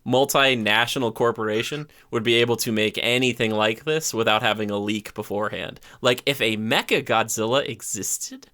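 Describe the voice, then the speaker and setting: A man on a podcast talks casually through a movie review. His voice is bright and forward. He keeps slipping into quoted character voices to act out scenes. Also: mid-range voice, normal speed, few pauses. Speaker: podcast co-host.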